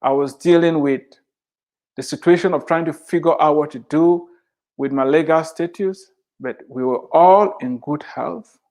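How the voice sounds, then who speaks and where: Middle-aged guy preaching slow and deliberate, kinda high voice, leans hard on key words. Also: darkish tone. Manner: slow, emphatic preaching with drawn-out phrases; repeats scripture lines for emphasis. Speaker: Christian author and speaker. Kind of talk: devotional sermon.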